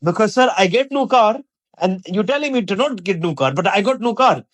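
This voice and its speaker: A woman's voice: medium pitch, expressive, fairly quick, a little hiss or hum. A woman car owner who speaks broken English, keeps calling the other person sir, and answers with amused teasing.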